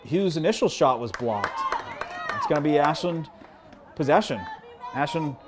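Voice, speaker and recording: A man doing live play-by-play commentary at a high school field hockey game, chatty and self-deprecating, joking with the viewers between plays. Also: lively intonation, moderate pace. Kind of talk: live local sports commentary. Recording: crowd noise behind.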